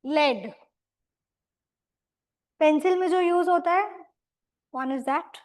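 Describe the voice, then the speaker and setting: A woman with an Indian English accent runs a vocabulary class in a small classroom. Her voice sits high, and her delivery is brisk and corrective. She slips between Hindi and English as she explains. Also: darkish tone. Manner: brisk, mixes Hindi and English, scolds sleepy students. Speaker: English teacher.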